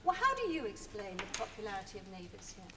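A woman hosting a TV interview, with a bright, teasing manner. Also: mid-range voice, huge pitch swings, fast talker. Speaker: TV talk show host. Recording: distant, noisy old TV recording.

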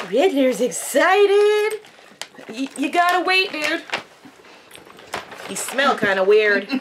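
A woman vlogging a casual unboxing at home, chatty and excitable, cooing at her dogs. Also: high voice, background noise.

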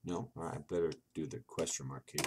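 Reading out an old computer game's text, a man with a very deep voice keeps a steady tone and a quick pace. This gaming video host mocks the game with sarcasm, swearing and laughter. Background noise is present.

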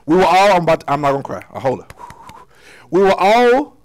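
High-voiced preacher, loud then hushed. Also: male voice, sing-song, brisk, rough recording. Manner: conversational preaching with slang, swings from loud to hushed. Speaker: pastor. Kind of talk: sermon. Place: church sanctuary.

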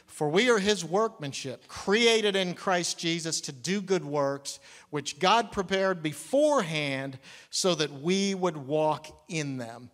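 A man's voice: fairly high pitch, expressive, slow pace, a bit bright. A middle-aged man preaching a sermon in a church, folksy and interactive with the congregation. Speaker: pastor. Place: church sanctuary. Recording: long hall reverb.

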